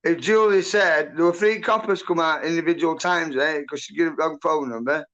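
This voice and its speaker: Gravelly, sweary man. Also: a little high, moderate pace, a bit bright. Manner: sweary, rambling, agitated. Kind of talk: casual chat, storytelling. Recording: muffled lo-fi audio.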